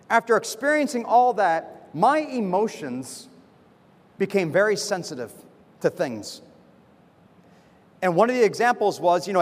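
A man, a pastor giving a sermon from the pulpit in fast, animated personal storytelling. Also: high voice, long reverb tail. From United States. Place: church with a pulpit.

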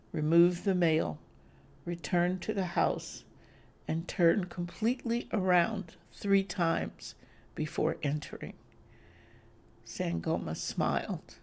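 A woman who hosts a podcast, reading a suspense story in a deliberate, suspenseful way. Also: fairly low pitch, vocal fry, mellow. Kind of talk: scripted story narration.

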